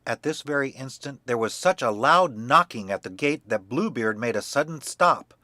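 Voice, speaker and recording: Bright-voiced male storyteller. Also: medium pitch, no room sound. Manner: measured, expressive reading. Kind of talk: scripted narration of a fairy tale for children.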